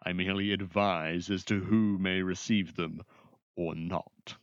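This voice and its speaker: A haughty royal advisor speaks in stiff, formal phrases, as a man puts him on. The voice sits fairly low. The audio is dull and dry, with no room sound. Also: steady tone, a little slow, no room sound. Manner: stiff, pompous, formal diction.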